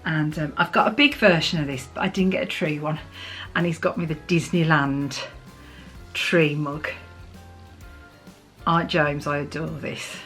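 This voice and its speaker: A middle-aged English woman from the UK, chatting warmly and emotionally as she opens a parcel for her vlog. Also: low voice, fairly even intonation, unhurried, long pauses, soft background music. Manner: chatty, gushing, emotional, laughs often. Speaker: vlogger. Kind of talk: casual chat while opening a parcel.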